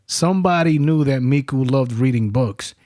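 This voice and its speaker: A man hosting a podcast, telling stories in a profane, animated, casual way. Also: medium pitch, normal speed, no echo, clean studio sound. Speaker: podcast host. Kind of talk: casual chat. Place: studio.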